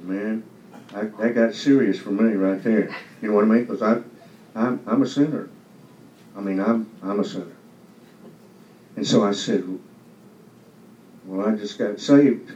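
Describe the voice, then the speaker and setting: A man's voice: lowish voice, steady tone, moderate pace, long pauses, darkish tone, a little hiss or hum. A man giving a loose, conversational testimony to a church congregation, often asking if they understand. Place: church hall. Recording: echoey hall from far off, dull sound.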